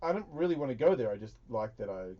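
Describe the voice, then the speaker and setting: A man's voice: mid-range voice, sing-song, fast, highs cut off. Profane, rambling radio host man. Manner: profane, rambling, loud bursts of laughter. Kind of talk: crude casual banter.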